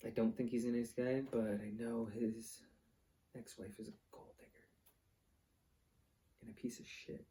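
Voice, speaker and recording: A man's voice: mid-range voice, flat delivery, measured pace, pauses often, dark tone, a little hiss or hum. A man, hosting his own vlog and ranting bluntly, swearing often and rambling from one point to the next. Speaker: vlog host. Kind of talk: casual ranting monologue.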